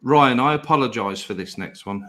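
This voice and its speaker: A man's voice: medium pitch, moderate pace, a bit bright. A man co-hosting a podcast, reading listener questions aloud and giggling between them. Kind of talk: casual podcast chat.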